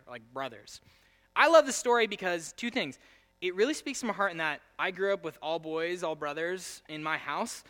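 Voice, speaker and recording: A young adult man preaching a sermon, moving between quiet storytelling and loud, emphatic preaching. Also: mid-range voice. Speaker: pastor.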